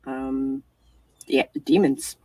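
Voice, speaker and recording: Low-voiced woman running a tabletop game. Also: very slow, no room sound, distant mic. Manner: relaxed, hesitant, many fillers. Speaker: storyteller.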